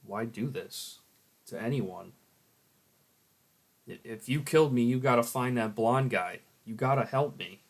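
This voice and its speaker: A man voicing a desperate young man back from the dead, pleading and breaking into loud outbursts. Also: on the low side, slow pace, vocal fry, long pauses, husky, exaggerated voice.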